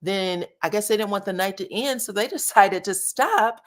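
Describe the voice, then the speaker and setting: A woman's voice: mid-range voice, moderate pace. A woman hosting a casual live stream, chatting with viewers and thanking subscribers as she reviews a new show. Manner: chatty, addresses viewers as y'all and child. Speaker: livestream host of reality show commentary.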